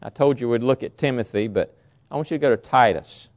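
A male pastor preaching a sermon with emphasis, repeating key words and swinging between loud lines and hushed ones. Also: medium pitch, fast talker, highs cut off.

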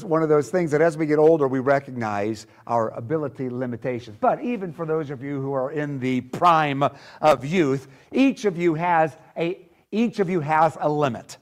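A middle-aged male pastor delivers a sermon to a live congregation in church. He reads scripture in a steady voice, then shifts to an easy, conversational way of speaking. His voice sits a little higher than most men's. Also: moderate pace.

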